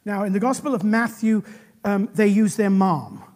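A man preaching a sermon, animated and often restarting his sentences. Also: high-pitched, moderate pace.

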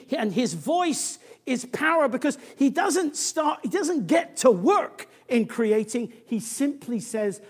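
A preacher delivering a sermon in a church, swinging from booming emphasis to a near-whisper, often restarting and repeating words. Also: expressive, measured pace, hardly any pauses, a little mellow, big-room sound.

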